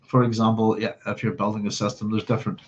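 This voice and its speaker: A man's voice: fairly low pitch, completely flat delivery, fast talker, a little hiss or hum. A man hosting a book club livestream, chatting in a rambling, casual way. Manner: rambling, chatty, hums to himself. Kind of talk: casual livestream chat and reading. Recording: slightly dull lo-fi stream audio.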